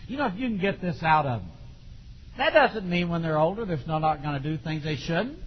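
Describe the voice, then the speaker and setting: A middle-aged man preaching a sermon in a folksy, animated way, with sudden shouts. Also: fairly high pitch, brisk, breathy edge. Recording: dull lo-fi recording in a long-reverb hall.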